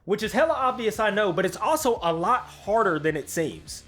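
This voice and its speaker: A man hosting his own channel, reading a scripted narration in a sarcastic, self-deprecating way, with a velvety smooth voice. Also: high-pitched, animated, normal speed, a bit bright, soft background music. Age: adult with a career. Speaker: YouTube channel host.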